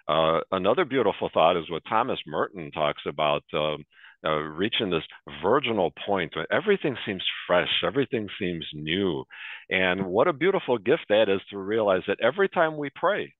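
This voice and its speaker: A man's voice: sits low, no echo. A man in his sixties hosting a webinar interview, leading the talk with friendly personal stories. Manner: warm anecdotal, leading the discussion. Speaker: webinar host. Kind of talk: conversational interview. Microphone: video call. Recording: dry, phone-like narrow sound.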